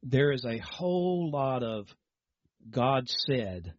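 A man's voice: medium pitch, expressive, slow, dry recording, lo-fi sound. A man preaching a sermon in a teaching manner, often repeating words and asking rhetorical questions.

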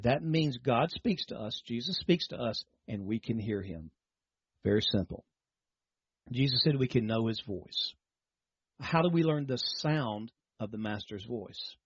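A man with a husky, breathy, mid-range voice preaches a sermon in a teaching manner, patiently explaining, repeating words and posing rhetorical questions to the congregation. The dry, slightly dull sound suggests modest equipment close to the mic.

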